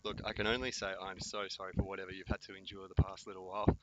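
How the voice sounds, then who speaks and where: A man's voice: low-pitched, level tone, rapid-fire, muffled recording, heavy background noise. A man giving joking amateur commentary at a local football match, wry, self-mocking and teasing his co-host.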